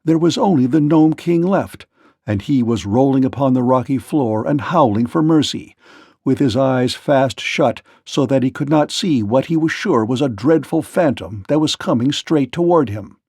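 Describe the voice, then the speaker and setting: Man, storybook narrator, steady expressive reading, gravelly, dry close sound. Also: mid-range voice, moderate pace, no echo. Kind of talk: storybook read-aloud.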